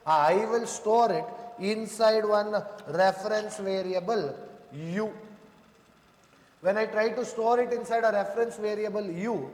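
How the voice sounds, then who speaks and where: A man's voice: high-pitched, a little slow, darkish tone. Guy teaching java live, walks through code and keeps asking "any confusion?", echoey room. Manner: talks students through code step by step, asking checking questions; addresses students as "sir" and "boss". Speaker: programming instructor. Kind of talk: live coding lecture. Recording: echoey room with long reverb.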